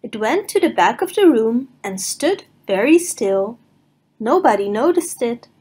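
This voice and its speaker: A woman reads a picture book to small children, taking her time over every line. Her voice rises and falls in a lively sing-song, and it carries a soft, breathy edge. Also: a little high, a little slow. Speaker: storybook reader. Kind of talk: children's read-aloud narration.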